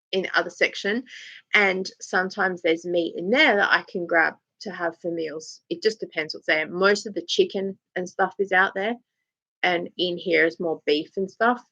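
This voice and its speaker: A woman's voice: on the low side, fairly bright tone, no echo, dull audio. An Australian woman in her forties hosting a casual live chat, telling stories with frequent laughter. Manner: chatty storytelling, laughs often, acts out voices. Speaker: live-stream host.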